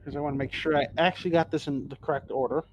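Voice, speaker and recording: Profane excitable man explaining game lore. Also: on the high side, very fast, slight background noise, low-quality recording. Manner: enthusiastic, profane, quizzes co-hosts. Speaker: podcast host. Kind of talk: casual lore talk.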